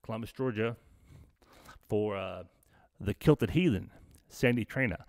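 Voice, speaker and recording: A middle-aged man from the American South rambles through a story on his live stream, cursing constantly and tripping over restarts. His voice sits on the low side. The sound is close and dry, with no room around it. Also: unhurried, pauses often, a little mellow, no room sound. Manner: profane, rambling, many fillers and restarts. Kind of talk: casual storytelling.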